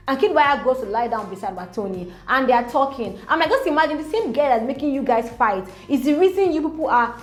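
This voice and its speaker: High lively Nigerian woman vlogger. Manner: animated, acts out quoted housemates. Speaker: reality show commentator. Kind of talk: casual recap vlog. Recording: echoey room, faint music.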